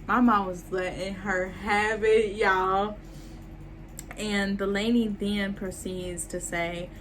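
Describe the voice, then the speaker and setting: A young adult woman vlogging a casual storytime and talking straight to her viewers in an animated way. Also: mid-range voice, takes it slowly, slight background noise, poor audio.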